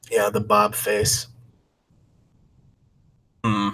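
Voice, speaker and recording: A man's voice: lowish voice, a little slow. A man reading chat logs aloud and commenting, thinking aloud and reacting with disbelief.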